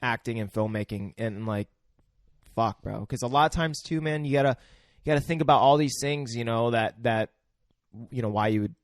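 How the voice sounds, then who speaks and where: A man's voice: mid-range voice, moderate pace, dry recording, studio quality. A man co-hosting a podcast, talking earnestly and a bit ramblingly about film acting, with slang. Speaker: podcast co-host.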